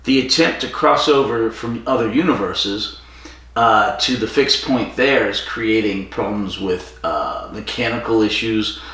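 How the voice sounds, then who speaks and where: A man with a somewhat low voice chats casually as a podcast co-host, rambling through a recap with plenty of ums and acted-out quotes. He sits back from the mic, and the room rings with echo. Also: unhurried, bright, forceful tone. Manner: rambling retelling with fillers and quoted dialogue. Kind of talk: casual chat. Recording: echoey room from far off.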